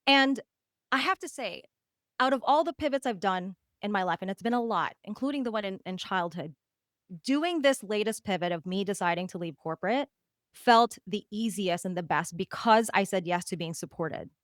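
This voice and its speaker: A woman coach talks to a live group in a candid, animated way. She drops in casual swearing and acts out her own past thoughts. The sound is dry and close, and her pitch sits in a middle range. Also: moderate pace, dry recording. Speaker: coach and podcast host. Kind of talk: live masterclass talk.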